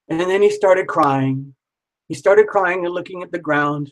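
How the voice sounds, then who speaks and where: A man's voice: high-pitched, measured pace, low-quality recording. A man telling a story casually, rambling and repeating himself, with some swearing.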